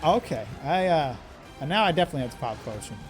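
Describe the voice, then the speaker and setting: Excitable swearing game streamer, man. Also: a little high, racing, faint music behind. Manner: excitable, swears and yells at the game, laughs often. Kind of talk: live gameplay commentary.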